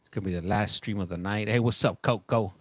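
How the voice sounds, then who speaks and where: A man's voice: lowish voice, fairly even intonation, fast talker, dry recording. A middle-aged man hosting a casual live stream, chatting loosely and greeting viewers by name. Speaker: livestream host.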